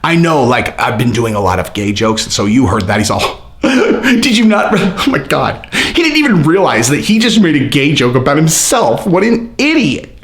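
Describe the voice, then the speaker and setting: Animated sarcastic man, roomy echo. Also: medium pitch, normal speed. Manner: animated, sarcastic, rambling with many fillers. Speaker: channel host reading comments. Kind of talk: casual mocking commentary.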